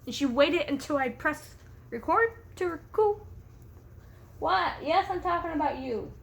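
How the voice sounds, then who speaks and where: A young woman with a high, gravelly, expressive voice tells a story for her casual vlog, talking a little slowly. She's wired on caffeine, so she rambles, laughs constantly, swears freely, and drifts off topic. She's filming in a room at home with her pet bird.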